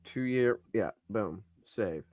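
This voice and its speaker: On a casual sports talk stream, a male co-host with a fairly low voice and lively intonation speaks extremely slowly. The lo-fi audio has no echo as he thinks aloud through a trade simulator, trailing off and mumbling.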